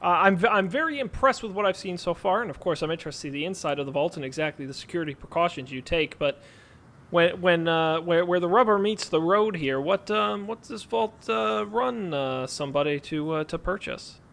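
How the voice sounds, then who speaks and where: A man's voice: high-pitched, fairly quick, gravelly, fairly bright tone. A man putting on a pompous rich nobleman. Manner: pompous, rambling, full of filler. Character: pompous wealthy male noble customer. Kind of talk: in-character tabletop role-play.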